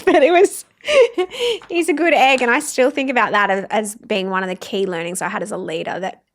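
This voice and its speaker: A woman's voice: mid-range voice, fairly bright tone. A woman hosting a workplace advice podcast, talking in a candid, chatty way and often laughing at herself. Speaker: podcast host. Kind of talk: casual advice chat.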